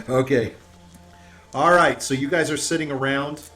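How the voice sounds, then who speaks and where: A man's voice: mid-range voice, slow, pushed and bright, faint music behind, rough recording. Man narrating as game master. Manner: loose, rambling narration with fillers.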